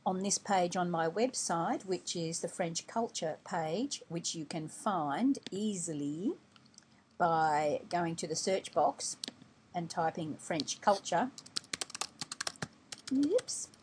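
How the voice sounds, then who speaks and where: A woman's voice: on the low side, slow pace, a little mellow, slight background noise. A woman hosting a travel website, explaining travel tips patiently and step by step in an instructional voice-over. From Australia.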